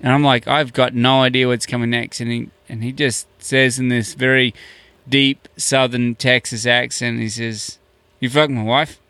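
A man spins a casual story as a podcast guest, his voice gravelly yet smooth and resonant. He acts out each quoted exchange with a lot of "I'm like." The sound is dry and close. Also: mid-range voice, normal speed, no room sound. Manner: animated, acts out quoted dialogue with many "I'm like".

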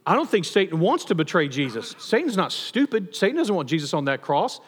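A pastor giving a sermon in a conversational, animated storytelling manner with touches of humor. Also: male voice, high-pitched, fairly quick, slightly rough, long reverb tail.

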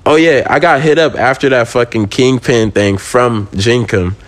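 A man's voice: medium pitch, normal speed. A young man, a pro skateboarder and podcast guest, telling a casual story with lots of swearing and acting out what he said back then. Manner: animated, profane, acts out his own quoted lines.

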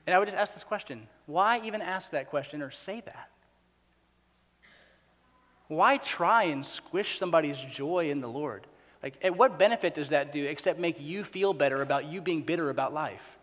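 A male pastor with a notably high voice delivers a sermon, swinging from hushed, intimate asides to loud, stacked exhortations. His words ring out with a long reverb from a large church hall. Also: normal speed.

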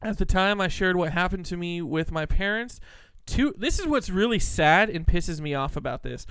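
A man hosting a casual radio talk show, joking and loose, talking in quick bursts. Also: high voice, expressive, fairly bright tone, smooth, no echo, studio quality.

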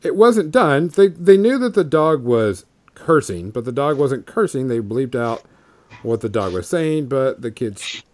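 A man's voice: mid-range voice, sing-song, measured pace, a little mellow. Rambling man telling a story. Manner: rambling, filler-heavy storytelling. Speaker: podcast co-host. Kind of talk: casual chat.

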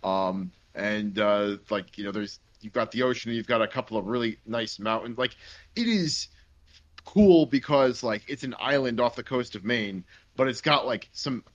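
A man's voice: mid-range voice, moderate pace, muffled recording. A young man from New Jersey co-hosting a casual podcast, rambling with lots of fillers. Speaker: podcast co-host. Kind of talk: casual chat.

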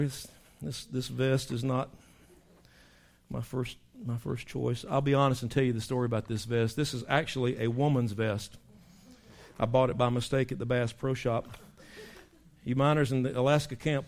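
A man, a pastor preaching in a folksy, animated storytelling way, breaking into animal call imitations. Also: medium pitch, moderate pace.

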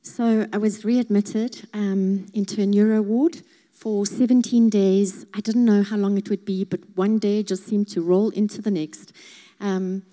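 A woman sharing a heartfelt faith testimony, earnest and at times dropping to a hushed voice. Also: medium pitch, little pitch movement, measured pace. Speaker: speaker sharing her testimony.

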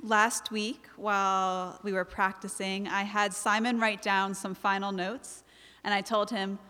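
Bright, crisp woman with a Jersey accent. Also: mid-range voice, steady tone, slow pace. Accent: New Jersey. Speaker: writing teacher introducing a student. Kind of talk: spoken introduction at a public reading. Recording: long hall reverb.

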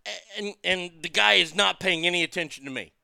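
A man's voice: high voice, brisk, creaky, sharp tone, clean tone, no room sound. A man telling a story as a profane rant, stammering and repeating his words as he swears.

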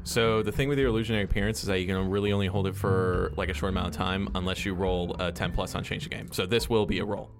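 A man's voice: low-pitched, steady tone, fast talker, hardly any pauses. A man acting as game master of a tabletop role-playing game, explaining the rules with hesitant fillers. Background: music.

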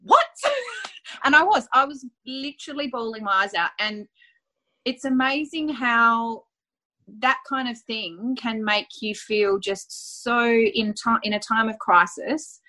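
A woman's voice: fairly high pitch, animated, slow pace, sharp tone. An Australian woman, a guest on a podcast interview, talking effusively with many fillers and rambling sentences. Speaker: guest, award finalist. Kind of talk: casual conversational interview.

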